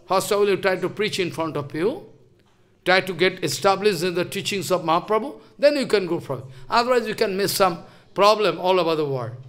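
Man, sermon, high voice, very lively intonation, scolding rhetorical questions. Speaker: spiritual teacher.

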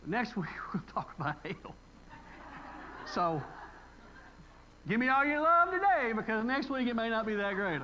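A middle-aged man from preaches, high-pitched and bright-toned. He talks to the congregation in a folksy, emotional way and breaks into sudden louder bursts of emphasis. A faint hum of the room sits behind him. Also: dull audio. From West Tennessee. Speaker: pastor. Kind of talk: conversational sermon. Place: church sanctuary.

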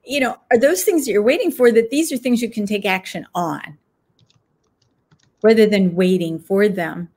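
A woman author speaking as an interview guest at a mid pitch. She answers thoughtfully and often pauses with fillers as she works out her points. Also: darkish tone, breathy edge. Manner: reflective, thinks aloud with many fillers.

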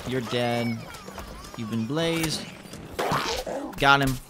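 A young man giving excitable let's-play commentary as a gaming channel host, exclaiming and repeating himself. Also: medium pitch, extremely slow. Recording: noticeable background noise.

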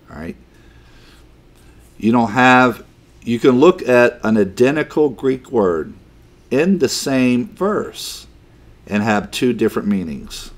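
Guy teaching a bible class real slow, keeps repeating the big points, mid-pitch voice. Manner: emphatic, repeats key phrases for stress; explains Greek words to listeners.

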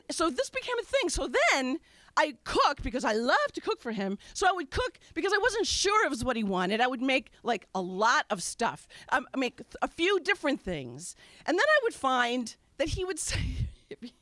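A woman from Wisconsin tells a personal story to a live audience with a high voice that swoops up and down. She talks candidly and pokes fun at herself. The sound is close and dry, with almost no room echo. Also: big pitch swings, normal speed, fairly bright tone. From Wisconsin, USA. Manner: candid, conversational, self-mocking. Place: stage at a live storytelling show.

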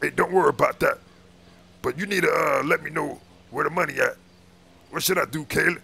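A man's voice: on the high side, brisk, creaky, bright, forceful tone, breathy edge. A man doing casual game role-play, talking in a slangy, menacing, taunting way.

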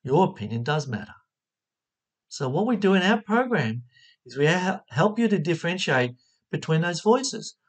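A spiritual teacher giving a motivational talk, voice swinging widely in pitch. The delivery is expressive, with frequent questions put straight to the listener. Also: moderate pace.

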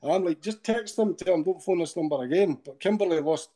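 Scottish guy, middle aged, mellow dark voice pitched a bit high, rambly storyteller on a podcast call. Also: fast. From Scotland. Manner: rambling retelling with frequent tag questions. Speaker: guest.

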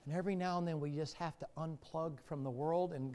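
A male pastor preaching a sermon and telling stories, his voice moving from loud passages to hushed ones. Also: a little high, fairly even intonation, a little fast, few pauses. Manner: storytelling, swings from loud to hushed.

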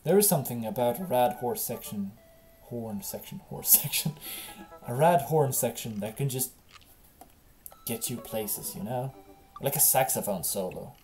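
A woman's voice: a bass voice, expressive, unhurried, warm tone, soft background music. A young English woman streaming a game, chatting in a rambling, jokey way full of "like". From England. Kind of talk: casual gameplay commentary.

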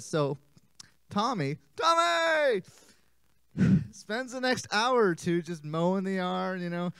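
A man teaching a children's church lesson as animated, playful storytelling, joking and interrupting himself. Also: high voice, normal speed, clean tone, no room sound. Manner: playful, self-interrupting, jokey.

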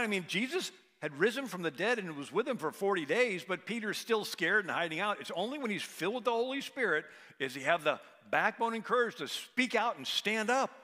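A man's voice: fairly high pitch, pushed and bright, long reverb tail. A man giving a preaching talk, telling stories with emphasis and acting out the people he quotes. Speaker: guest speaker.

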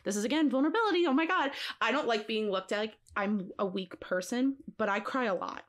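A woman co-hosting a podcast in casual chat, talking in an expressive, emphatic way and laughing often. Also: a little high, a little fast. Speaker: podcast co-host.

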